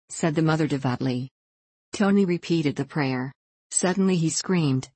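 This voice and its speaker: Low-voiced woman narrating a storybook. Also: husky, no room sound. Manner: calm, measured reading. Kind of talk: audiobook narration.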